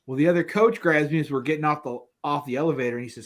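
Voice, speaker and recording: A man in his thirties co-hosting a casual podcast, telling family stories in an animated way and laughing through them. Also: a little high, racing, few pauses. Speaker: podcast co-host. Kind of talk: casual chat.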